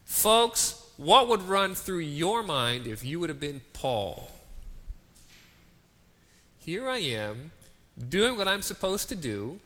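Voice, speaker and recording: A man's voice: on the high side, sing-song, slow, long pauses, pushed and bright. A man preaching a sermon, dramatic and full of rhetorical questions to the congregation. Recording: long reverb of a large hall.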